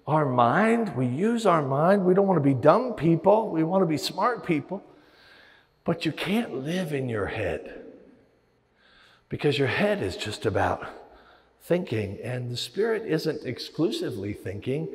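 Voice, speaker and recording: A pastor with a fairly high voice preaches at a measured pace, animatedly telling stories and acting out the voices in his head. He is in a large church hall, and the recording carries that space's long reverb.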